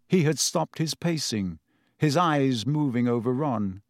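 Expressive male audiobook narrator. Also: mid-range voice, measured pace, no room sound, clean studio sound. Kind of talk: scripted storybook narration.

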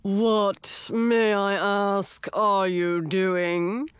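A woman reading an audiobook, voicing a grumpy male octopus who speaks slowly and haughtily with a snarl. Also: medium pitch, expressive, a little mellow, clean tone, no room sound, natural voice. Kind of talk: audiobook character voice.

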